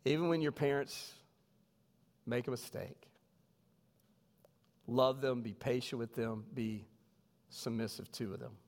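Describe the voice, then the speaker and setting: A man's voice: medium pitch, slow, pauses often. Man preaching in a reverberant church. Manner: animated storytelling, voices quoted people. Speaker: pastor. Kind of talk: sermon. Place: church sanctuary. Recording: long reverb of a church hall.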